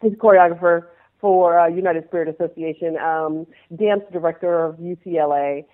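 Heard over a tinny, phone-quality line, a woman guest who used to dance professionally shares personal stories in conversation. Her lowish voice moves at a moderate pace as she animatedly acts out scenes in shifting voices.

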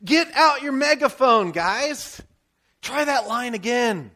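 An American man, a pastor, preaching a sermon in a conversational, animated storytelling way with frequent asides. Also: extremely high pitch, slow pace.

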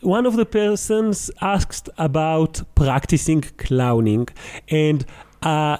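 Very dark-voiced man, hesitant host. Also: on the high side. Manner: hesitant, filler-heavy. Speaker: co-host reading audience questions.

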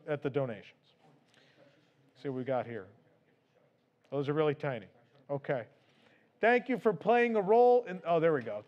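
A man's voice: high voice, muffled recording. A man hosting a live stream, casually reading out donations in a playful, laughing, loose manner.

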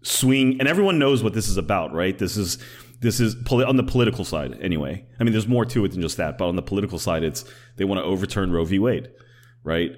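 Low-voiced guy ranting about politics, swoops up and down a lot, sarcastic. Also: fast. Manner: animated, sardonic, many "like" fillers, slips into impressions. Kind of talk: casual political chat.

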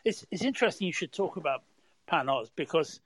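A man's voice: on the high side, expressive, fairly quick, dry recording. A man from the UK, a motorsport commentator telling reflective anecdotes in a casual panel chat.

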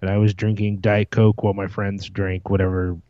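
A man's voice: lowish voice, little pitch movement, moderate pace, dark tone, dry recording, muffled recording. A man co-hosting a podcast, telling wry stories in casual chat. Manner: storytelling, wry. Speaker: podcast co-host.

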